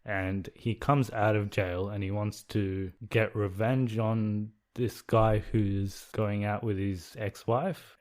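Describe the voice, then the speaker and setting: A man co-hosting a podcast, talking hesitantly and restarting sentences as he thinks aloud. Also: lowish voice. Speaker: podcast co-host. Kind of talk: casual chat.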